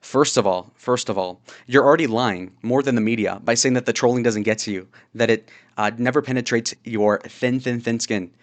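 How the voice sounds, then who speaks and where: A man's voice: medium pitch, fairly even intonation, a little fast. A man giving sarcastic, mocking commentary on social media posts, with frequent fillers. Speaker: political commentary YouTuber.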